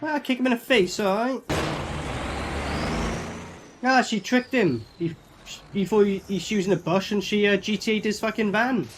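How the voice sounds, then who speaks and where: A man's voice: high-pitched, moderate pace, pauses often, background noise. A man giving a casual, sweary running commentary as he reviews a film. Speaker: movie reviewer.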